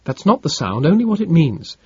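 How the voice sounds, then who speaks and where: A man's voice: fairly high pitch, big pitch swings, fairly quick, breathy edge, muffled recording, voice pushed up, exaggerated voice. A man voicing a sullen adolescent changeling boy raised by elf folk, who speaks with a lilting lilt and defiant scorn.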